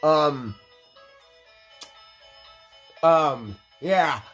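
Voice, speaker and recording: A man's voice: on the high side, animated, extremely slow, fairly bright tone. Rambling stoned young man over game music. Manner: rambling, profane, laid-back. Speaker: let's play host. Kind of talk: casual gameplay commentary.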